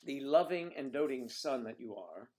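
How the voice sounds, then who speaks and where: An older man with a Southern US accent hosting a casual livestream, chatting with viewers in a rambling way and often clearing his throat. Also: medium pitch, lively intonation, normal speed, a little mellow, slight background noise. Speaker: livestream host. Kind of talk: casual livestream chat reading viewer comments.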